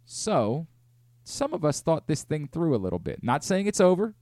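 A man hosting a sports talk radio show, ranting in an animated, exasperated way from a studio. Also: a little high, normal speed, no room sound.

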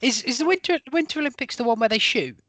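A man's voice: very high-pitched, expressive, fast, fairly bright tone. A man hosting a podcast in casual chat, playful and teasing, often rambling. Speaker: podcast host.

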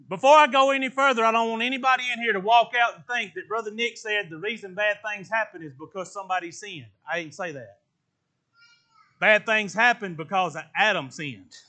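A man preaching a sermon in colloquial speech, swinging from loud exclamations to hushed, earnest talk. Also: sits high.

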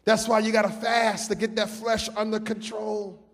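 A man preaching a sermon as pastor, with call-and-response and sung, shouted peaks that drop to quiet asides. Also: high voice, level tone, moderate pace, in a large hall.

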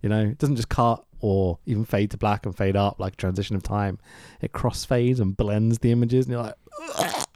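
A man's voice: fairly low pitch, fairly even intonation, fairly quick, hardly any pauses, warm tone, no room sound, clean studio sound. A man co-hosting a podcast, reviewing a film in casual chat, sarcastic, swearing and laughing often. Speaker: podcast host.

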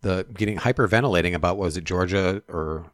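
A man's voice: low voice, brisk, no echo, studio quality. A man co-hosting a casual political chat, talking bluntly with profanity and frequent restarts.

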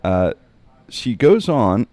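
Animated storytelling man, lively pitch. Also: slow pace, no echo. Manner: animated, acts out quoted voices. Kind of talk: casual storytelling chat.

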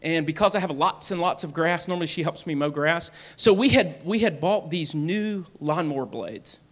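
A man's voice: fairly high pitch, normal speed, fairly bright tone. A middle-aged man telling a family story to an audience in a folksy, self-deprecating way, often restarting his sentences. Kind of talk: animated storytelling talk.

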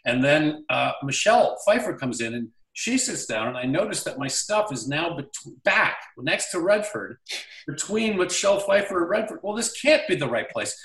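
A man spins a story from his acting career in a relaxed interview chat. He jumps into the quoted lines of the people in the story as he goes. The sound is roomy, as if he sits a little away from the mic. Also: on the high side, moderate pace, distant mic. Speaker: actor guest. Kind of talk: casual anecdote storytelling.

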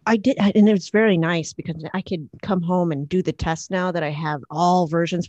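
A young woman with a slightly low voice rambles through an interview, with fillers and a playful, offhand manner. The recording sounds a little dull and very dry. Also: fairly even intonation, brisk, few pauses, darkish tone, dry recording. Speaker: DJ and music producer, guest. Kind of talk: casual interview chat.

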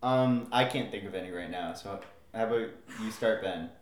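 A man's voice: fairly low pitch, moderate pace. Young man cohosting, echoey room. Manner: short reactions and dry segues. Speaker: podcast co-host. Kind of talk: casual chat.

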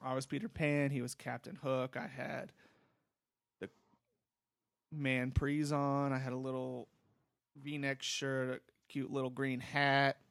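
A young man tells a rambling story in a relaxed, profane way. His voice has a gravelly edge, and the sound is dry and close. He keeps it casual and easygoing throughout. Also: mid-range voice, takes it slowly, long pauses, dry recording. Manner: laid-back, rambling, profane. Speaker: podcast host.

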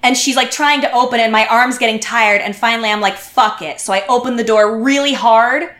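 A woman guest on a podcast rattles through a story fast, her voice on the high side. In the casual chat she's animated, acting out what people said, and the recording echoes roomily.

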